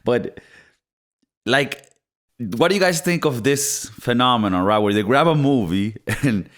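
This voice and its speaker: A man co-hosting a casual movie review podcast, talking in an animated way and slipping into mock accents. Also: medium pitch, measured pace. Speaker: podcast co-host.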